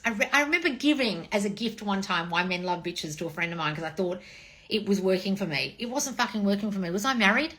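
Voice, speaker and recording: A woman in her forties, a dating and manifestation coach, chatting casually on a livestream with blunt, profane tough love and swooping high replies. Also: pushed and bright. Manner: sweeping high "oh wonderful, darling" replies. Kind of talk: casual livestream chat reading comments.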